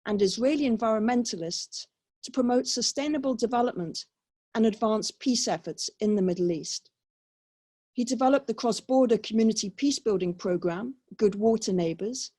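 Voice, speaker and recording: A woman moderating a webinar, reading a measured, scripted introduction of a guest. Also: a little high, a little mellow, no room sound. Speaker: co-host, moderator. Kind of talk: read-out introduction. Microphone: video call.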